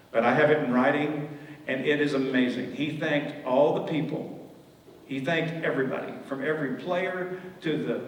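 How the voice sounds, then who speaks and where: A man's voice: mid-range voice, a little hiss or hum. An older man giving a folksy storytelling talk as a guest speaker, acting out the dialogue in his anecdotes. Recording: echoey hall from far off.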